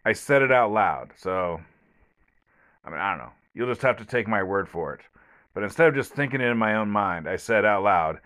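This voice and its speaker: Rambling low-voiced man podcasting alone. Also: a bit bright. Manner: rambling, with many fillers and restarts; blunt, sarcastic commentary. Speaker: podcast host. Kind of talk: solo podcast review. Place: at home, alone.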